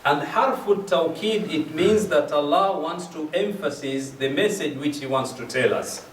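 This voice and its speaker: A man's voice: on the high side, measured pace, slight background noise. Man giving a lecture in an echoey hall. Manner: explains verses step by step, repeating key phrases. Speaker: speaker at a majlis. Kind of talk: religious lecture. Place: mosque or community hall. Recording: echoey hall, mic at a distance.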